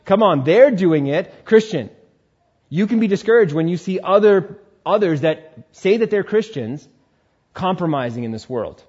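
A man preaching a sermon, switching between animated exhortation and quiet, soothing asides. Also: sits high, normal speed, slightly rough, highs cut off. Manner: animated preaching, drops to quiet soothing tones when voicing tempters. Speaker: pastor.

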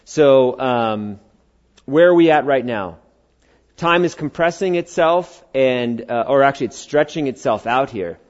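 A middle-aged man delivers a sermon to a church congregation, keeping the tone conversational and teasing as he trades remarks with his listeners. He slips into little character voices for the people he quotes, and his pitch sits in the ordinary middle range for a man. The recording sounds a bit muffled and dull. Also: animated, measured pace. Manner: conversational and playful, bantering with the congregation. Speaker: pastor.

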